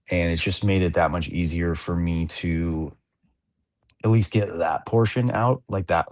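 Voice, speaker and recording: Deep-voiced, this man co-hosts a podcast and rambles in casual chat, full of fillers and restarts. He's from Southern California, and the studio-quality recording carries no room sound.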